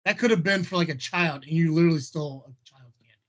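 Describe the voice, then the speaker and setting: A man's voice: a little high, fast. A man co-hosting a podcast, teasing the others and swearing freely. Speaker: podcast co-host. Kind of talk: casual chat.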